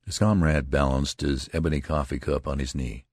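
A man reading a novel aloud in a measured, deliberate way, as scripted narration. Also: a bass voice, fairly even intonation, no room sound, studio quality. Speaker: audiobook reader.

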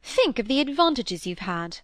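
A woman reading the part of a fussy, vain middle-aged Victorian stepmother, fretful and a little higher in pitch. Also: very animated, moderate pace, no room sound, clean studio sound, close to an everyday voice. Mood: cross. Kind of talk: audiobook character reading.

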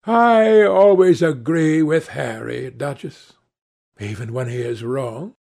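A man reading aloud and voicing a charming, pleasure-seeking young gentleman with a gallant manner. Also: a little high, slow, vocal fry, heavily acted.

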